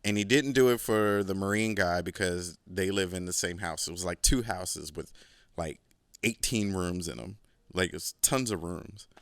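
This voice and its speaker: A man's voice: deep voice, moderate pace, a bit bright, dry recording. A man hosting his own podcast, telling a long story in a rambling, profane way with lots of "like" fillers and boastful asides. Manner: rambling and profane, heavy use of "like"; laid-back, boastful asides. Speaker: podcast host. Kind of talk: casual storytelling monologue.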